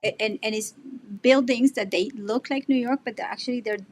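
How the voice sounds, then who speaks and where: A woman's voice: a little high, fairly even intonation, brisk. A woman guest artist in a casual remote interview, effusive and talking in bursts with restarts.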